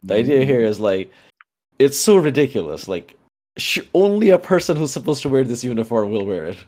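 A man's voice: medium pitch, sing-song, brisk, mellow. Hesitant, laughing man player. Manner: hesitant, full of fillers and laughter. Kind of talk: casual tabletop role-play.

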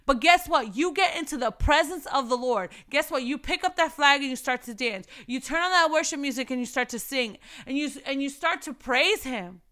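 A woman's voice: high-pitched, normal speed, hardly any pauses, fairly bright tone. A woman giving a casual faith devotional talk, fervent and emphatic, repeating phrases for emphasis.

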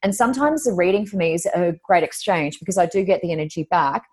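Lively Australian woman telling stories. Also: fast. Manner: animated storyteller, acts out quotes with high exclamations. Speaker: psychic medium and podcast co-host. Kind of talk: casual chat.

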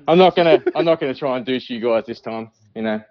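A man's voice: mid-range voice, quick pace, dry recording, dull audio. A man with an Australian accent calling in as a podcast guest, joking, swearing and laughing often. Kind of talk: casual call-in chat.

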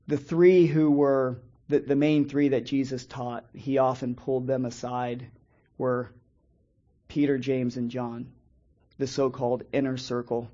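Male preacher, mellow voice, measured pace with pauses, dull lo-fi recording. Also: medium pitch. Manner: measured, reads scripture slowly with pauses and restarts. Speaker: preacher teaching a Bible study. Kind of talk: sermon-style Bible teaching.

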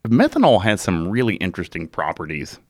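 A man narrates a true-crime case in a loose, chatty way, his pitch rising and falling a lot. He curses now and then and laughs at himself. The recording is close and dry, with no room sound. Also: a little fast, no room sound. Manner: animated, swearing, laughs at himself. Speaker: podcast co-host. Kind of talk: casual true-crime storytelling.

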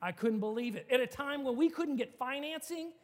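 A pastor tells stories from the pulpit, his voice pitched unusually high for a man. He talks in a loose, animated, conversational way, full of "like"s. The sound rings out with a long reverb, as from a large hall. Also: fairly quick. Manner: animated, conversational, many filler "like"s. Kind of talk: storytelling sermon.

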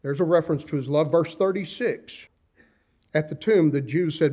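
A man in his sixties, a pastor preaching a sermon with slow, impassioned delivery and dramatic pauses, reading scripture in old-fashioned wording. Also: on the high side, dark tone, slightly rough.

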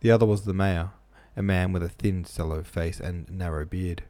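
A man's voice: deep voice, fairly even intonation, moderate pace, warm tone, dry recording. A man reading a novel aloud, plain with casual asides, close-miked in a small room. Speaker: reader.

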